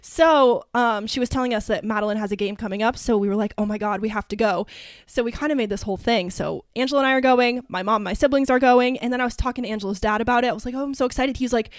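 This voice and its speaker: Bubbly 20s woman podcast co-host, quick and chatty, slightly high, dry close-mic sound. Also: no room sound. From Ohio. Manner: bubbly, chatty, lots of fillers. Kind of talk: casual chat.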